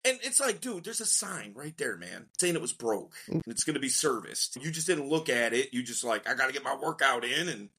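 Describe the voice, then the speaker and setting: Animated man with a bright voice. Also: mid-range voice, moderate pace, few pauses, slightly rough. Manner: animated, slangy storyteller who acts out quotes. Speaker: dating coach guest. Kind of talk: casual podcast storytelling.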